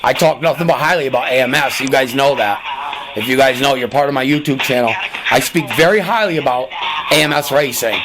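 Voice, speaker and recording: A man's voice: mid-range voice, brisk, noisy background. A man hosting his own vlog, talking casually to viewers about a truck engine build and ranting in frustration. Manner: frustrated, ranting, keeps saying "you guys".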